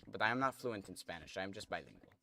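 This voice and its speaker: A young man with a very low voice talks through a gaming stream in a loose, rambling way. He chats with viewers as he plays, drifting between comments and what he is doing in the game. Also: expressive, fast talker, sharp tone. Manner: rambling, chatty, reads chat aloud while playing. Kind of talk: casual gameplay stream chatter.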